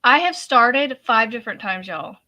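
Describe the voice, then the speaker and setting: A woman's voice: fairly high pitch, lively intonation, moderate pace, bright, forceful tone, dull audio. A woman, casually chatting on her crochet livestream, giggly and talkative, laughing so hard her eyes water. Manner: giggly, chatty, addresses viewers as y'all. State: laughing to tears.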